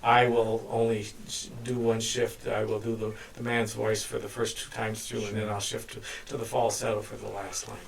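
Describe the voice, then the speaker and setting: A man talking as a guest songwriter in a music studio, hesitant and halting, with many restarts. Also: fairly low pitch, little pitch movement, gravelly, slight background noise. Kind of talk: casual studio chat. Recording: distant mic with guitar playing behind. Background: guitar.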